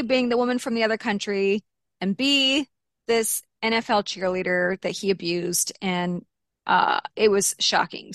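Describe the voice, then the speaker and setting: A woman's voice: medium pitch, fairly bright tone, no echo, studio quality. A woman in an interview, candidly retelling a frightening personal experience, with blunt swearing and quoted asides.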